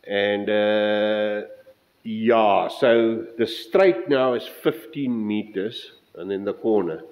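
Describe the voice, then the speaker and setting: A man's voice: fairly low pitch, slow pace, highs cut off. A middle-aged South African man giving a casual, rambling update on his model railway layout, often breaking off mid-sentence and counting out measurements. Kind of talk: casual workshop update vlog.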